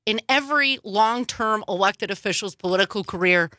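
Emphatic woman with a bright, dry voice. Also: mid-range voice, normal speed, no echo. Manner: emphatic, indignant, animated. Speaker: co-host. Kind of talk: political commentary.

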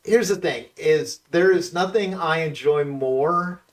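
A man calling in as a political consultant guest on a talk radio show, sounding set back from the mic. His voice sits a bit high, and he hesitates with plenty of ums. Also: slow, recorded from a distance, poor audio. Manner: distracted, hesitant, lots of ums. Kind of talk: casual political radio chat.

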